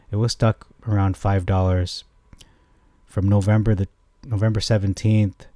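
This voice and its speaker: A man giving a casual, rambling stock chart analysis, often correcting himself and getting excited. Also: fairly low pitch, dry recording. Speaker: stock market commentator.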